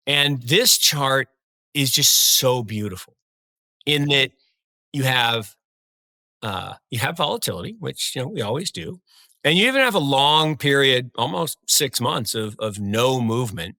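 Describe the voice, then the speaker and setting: An upbeat male podcast co-host with a bright, forceful voice, chatting excitedly about charts and old stories. The sound is dry and close, with no room echo. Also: medium pitch. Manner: enthusiastic, animated storyteller. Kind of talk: casual market talk.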